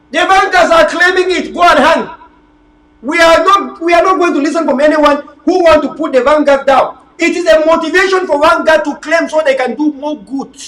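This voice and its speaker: A man, an activist delivering a fiery, repetitive rhetorical monologue to his video audience, sometimes shouting. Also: extremely high pitch, far from the mic. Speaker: political activist. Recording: echoey room, voice off-mic.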